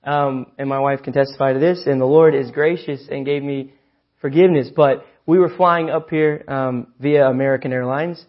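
A young man preaching a sermon, earnest and emphatic, building to loud stressed phrases. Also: mid-range voice, fairly even intonation, normal speed, lo-fi sound.

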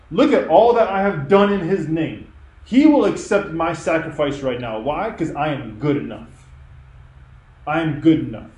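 A man's voice: high-pitched, a little mellow, roomy sound, pitched above the performer's own voice, rough recording. A preacher putting on a blustering, boastful king. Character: proud, indignant ancient male king. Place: church.

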